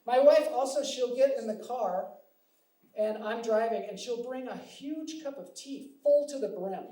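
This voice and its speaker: A man's voice: very high voice, measured pace, mellow. A middle-aged man from Seattle doing a stand-up comedy set, wry and self-deprecating, acting out bits of dialogue. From Seattle, USA. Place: live comedy stage with audience. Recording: echoey room, distant mic, audience noise.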